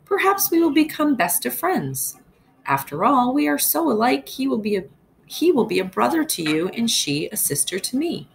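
A woman's voice: on the high side, big pitch swings, normal speed, creaky, slight background noise, pitched above the performer's own voice. A woman voicing a clever wife from a folktale who speaks with emphasis. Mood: soothing.

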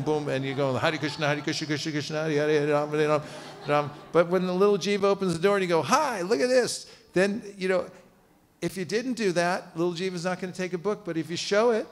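A man leading a lively seminar for a live audience, playful and animated, getting the room to repeat phrases after him. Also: high-pitched. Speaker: seminar teacher on book distribution. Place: seminar room at a cultural center.

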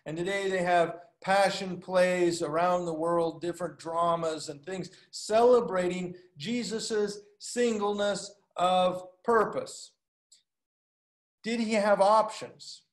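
Echoey pastor, man, storytelling sermon. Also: sits high. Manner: storytelling, acts out dialogue with lifted voice; halting, many fillers and restarts. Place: recorded for a video call.

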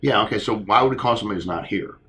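Fast-talking low-voiced man on a panel. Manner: earnest, animated storytelling, acts out conversations. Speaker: insurance agency leader. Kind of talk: live panel Q&A answer.

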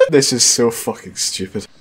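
A man's voice: on the low side, slight background noise. A young man with a congested, stuffy voice gives profane, sarcastic and giggly comedic commentary while playing a game. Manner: swears freely, giggly, sarcastic. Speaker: let's play gamer.

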